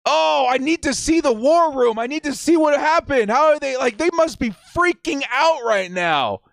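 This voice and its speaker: A young adult man hosting a live fan watch party stream, excitedly shouting reactions and reading chat messages aloud. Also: very high voice, moderate pace, vocal fry, dry recording, clean studio sound.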